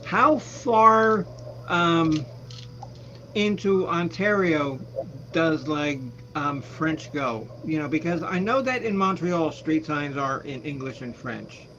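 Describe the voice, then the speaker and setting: Slow-talking chatty woman on a lo-fi stream. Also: sits low, fairly bright tone, a little hiss or hum. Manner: chatty, laughs often, hesitant fillers. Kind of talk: casual livestream chat.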